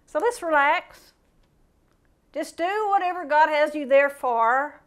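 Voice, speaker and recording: High-voiced woman preaching casually. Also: slow pace. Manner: conversational, animated, playful asides and mimicked voices. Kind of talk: informal sermon.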